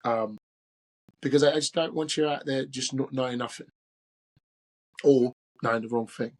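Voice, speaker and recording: A man's voice: a little high, slightly rough. A podcast host doing an amateur London accent as a father giving earnest, protective advice to his grown daughter. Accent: put-on London English. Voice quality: amateur mock British accent. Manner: earnest, protective, street-slang phrasing. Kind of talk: imagined talk to his daughter.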